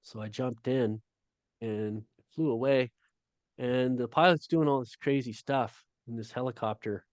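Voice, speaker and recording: Man telling a story with many pauses. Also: mid-range voice, dry recording. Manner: halting storytelling with many fillers. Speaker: guest author. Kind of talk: casual video-call interview. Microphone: video call.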